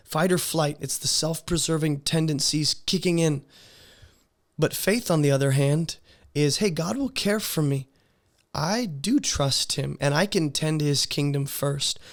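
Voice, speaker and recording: A man teaching through a Bible passage verse by verse, earnest and conversational, with casual asides. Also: a little high.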